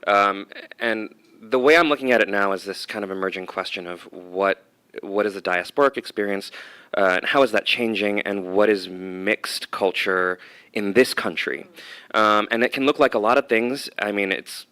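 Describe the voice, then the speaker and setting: A man's voice: fairly low pitch, moderate pace, bright, forceful tone, clear, resonant tone. A man from the United States, an actor and dramaturg, speaking thoughtfully on a panel with some hesitations. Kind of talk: reflective panel talk.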